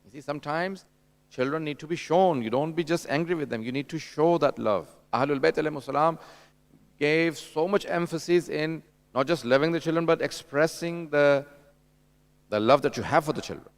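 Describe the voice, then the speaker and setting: Speaking slightly high and a little fast, this religious lecturer gives a conversational sermon at a mourning gathering. He addresses listeners directly, sharing anecdotes and performing bits of dialogue.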